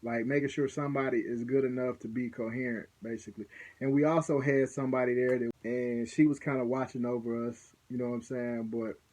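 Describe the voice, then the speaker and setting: A man's voice: medium pitch, steady tone, brisk, a little mellow. A young man casually recounting a personal experience, loose and conversational, often checking in with the listener. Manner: loose and conversational, peppered with "you know what I'm saying". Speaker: vlogger recounting a ceremony. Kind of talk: casual storytelling.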